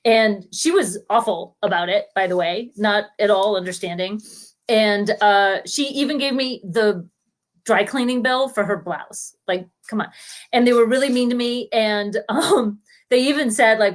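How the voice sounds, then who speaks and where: A woman telling comic personal stories live from home, animated and laughing often as she acts out what people said. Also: medium pitch. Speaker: storyteller. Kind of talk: spontaneous comic storytelling.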